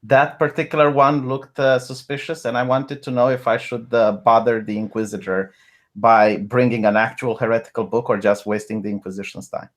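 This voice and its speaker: A man's voice: medium pitch, flat delivery, brisk. Guy telling his character's story at the game table, earnest, lots of uhs. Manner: earnest, hesitant storytelling with many "uh"s. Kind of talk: in-character recounting during tabletop play.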